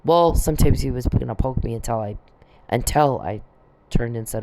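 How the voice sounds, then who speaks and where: A woman's voice: rumbling low, fast talker, warm tone, a little hiss or hum. A middle-aged woman in a casual monologue, agitated, swearing and rambling as she vents. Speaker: vlogger.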